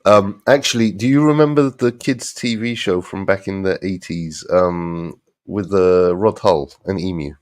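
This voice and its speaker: Host role: a man with a very low voice, casual and teasing on a live-stream panel. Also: unhurried, hardly any pauses, darkish tone. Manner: teasing, joking, blunt.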